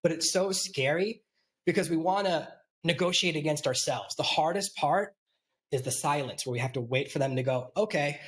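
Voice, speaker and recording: A man's voice: on the high side, moderate pace, a bit bright. A man hosting a podcast interview, telling business stories and acting out what other people said. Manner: storytelling, acts out quoted voices. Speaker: podcast host. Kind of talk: casual interview chat.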